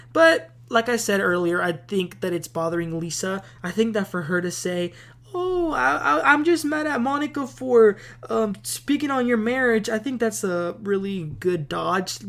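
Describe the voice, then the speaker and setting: Chatty woman giving a TV recap. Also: mid-range voice. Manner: chatty and opinionated, lots of "like" and "um". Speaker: host. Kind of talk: casual TV recap commentary.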